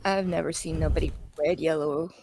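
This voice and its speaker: A woman's voice: low voice, fairly even intonation, brisk, a little mellow, slight background noise. A woman co-hosting a casual podcast discussion, chatty, with drawling asides. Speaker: podcast co-host.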